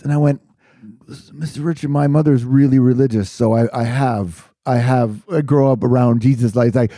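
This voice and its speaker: A man in relaxed podcast chat who agrees readily and tells a story of his own. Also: mid-range voice, normal speed, no room sound, studio quality. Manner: relaxed, agreeable, laughs along. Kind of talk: casual conversation.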